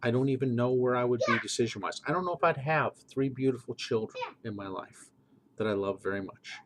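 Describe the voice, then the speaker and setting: A man's voice: medium pitch, a little fast, slight background noise, low-quality recording. A middle-aged man and game master, talking earnestly in a preachy monologue and repeating phrases for emphasis.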